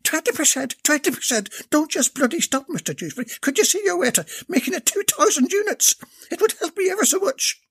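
A man voicing a flirty, pushy Irish saleswoman in a high falsetto with a gravelly edge. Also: big pitch swings, brisk, fairly bright tone, dry recording, studio quality, full character voice. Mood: shrieking. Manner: high put-on falsetto, wheedling.

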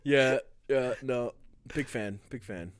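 A man's voice: medium pitch, slow, smooth, no echo. A man co-hosting a podcast in casual chat, swearing and laughing a lot. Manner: loud, profane, laughing banter. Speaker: podcast co-host.

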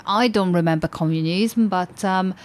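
A woman from Eastern Europe hosting a relaxed interview. Her voice sits fairly low, and she thinks aloud with frequent fillers and restarts. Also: moderate pace. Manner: thoughtful, hesitant with many fillers and restarts. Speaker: podcast host. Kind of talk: conversational interview.

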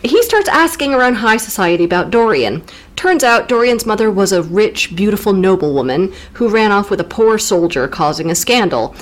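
A woman's voice: medium pitch, sing-song, normal speed. A woman co-hosting a casual literature podcast, retelling a novel with playful, teasing jokes. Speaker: podcast co-host. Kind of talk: casual literary recap chat.

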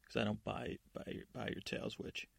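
A man voicing a stern, dutiful male captain of the guard in a bedtime story, gruff and suspicious. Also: on the low side, level tone, normal speed, a bit bright, no room sound, exaggerated voice.

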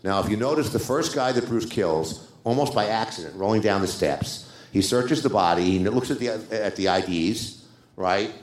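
A man's voice: fairly low pitch, normal speed. Man telling a story in a roomy space. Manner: animated, acts out other people's lines. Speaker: screenwriter guest. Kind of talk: anecdotal storytelling. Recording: roomy echo.

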